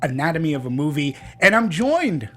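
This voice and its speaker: A man hosting a casual movie review podcast, chatty and halting, with frequent restarts. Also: on the high side, very animated, sharp tone. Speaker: podcast host.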